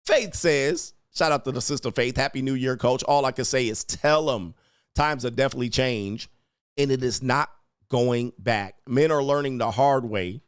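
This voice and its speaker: A man's voice: mid-range voice, normal speed, clear, resonant tone, no room sound, studio quality. A man hosting a livestream, ranting at commenters in a brash, profane, taunting way and laughing at them. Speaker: livestream host reading chat.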